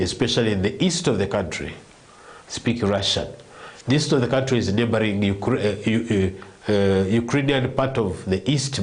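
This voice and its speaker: A man, explaining world affairs at length as a commentator on a live talk show, with frequent restarts and repeated words. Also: fairly low pitch.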